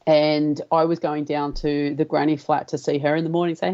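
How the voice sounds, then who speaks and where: Low, gravelly Australian woman. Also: little pitch movement, a little fast, warm tone, muffled recording. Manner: storytelling, acting out her own quoted dialogue. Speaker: guest healer. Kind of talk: casual radio chat.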